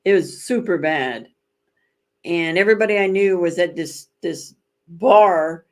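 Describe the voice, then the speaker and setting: A woman hosts a casual livestream chat with viewers, telling rambling stories, correcting herself along the way, and adding dramatic emphasis. Her voice is on the low side and her delivery unhurried.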